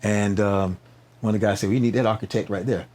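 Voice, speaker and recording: A man speaks quickly and in a lowish register. He is a podcast guest in casual conversation, telling an animated story with restarts and tag questions. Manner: animated storyteller, frequent restarts and "right?" tags. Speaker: guest, nonprofit founder.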